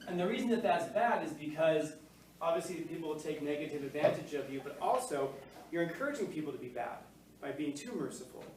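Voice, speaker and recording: A man's voice: a little high, expressive, a little fast, a little mellow. A male teacher giving a casual, joking classroom lecture, full of fillers and questions to the class. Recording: echoey classroom, mic far off, faint noise.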